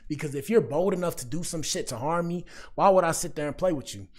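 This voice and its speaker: A man's voice: a little high, quick pace. A man talking casually to his chat as a livestream commentary host, rambling and slangy. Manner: rambling, slangy, addresses chat often with "bro".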